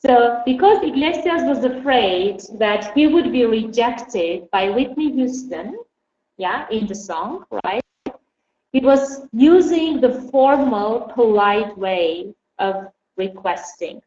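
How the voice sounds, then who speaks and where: Slow, patient woman teacher, echoey room. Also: mid-range voice, lively intonation, darkish tone. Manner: slow, patient explaining with questions to students. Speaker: English teacher. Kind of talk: online classroom lesson. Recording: dull echoey room with faint hum.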